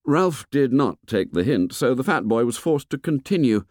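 A man reading a novel aloud as an audiobook narrator, in an expressive storytelling manner. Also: on the low side, moderate pace, hardly any pauses, dry recording, studio quality. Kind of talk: scripted narration.

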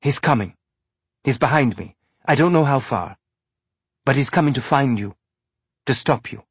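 A man's voice: mid-range voice, animated, normal speed, breathy edge, no echo. A man voicing a frightened, earnest young woman explorer who talks in an urgent, breathless way.

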